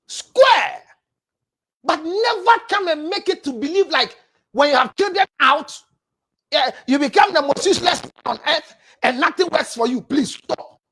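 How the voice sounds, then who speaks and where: A woman with a Ghanaian accent, a counselor preaching relationship advice, forceful and scolding, often raising her voice. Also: high-pitched, very animated, unhurried.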